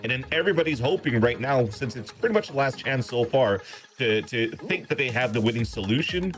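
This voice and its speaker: A man's voice: medium pitch, lively intonation, a little fast, soft background music. A man talking as an esports desk analyst, giving long joking, rambling explanations.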